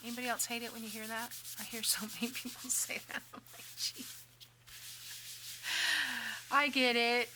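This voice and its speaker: A woman hosting a casual crafting tutorial, chatting and joking at herself, dropping to soft mutters while she works. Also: a little high, fairly even intonation, measured pace, pauses often, noisy background. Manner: chatty, self-deprecating, mutters softly while working.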